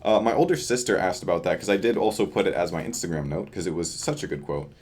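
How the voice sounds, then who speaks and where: A man's voice: sits low, fast, a little mellow. A tired young man chatting loosely in a casual video diary, with lots of fillers. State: tired from lack of sleep. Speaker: vlogger. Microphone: camera facing him.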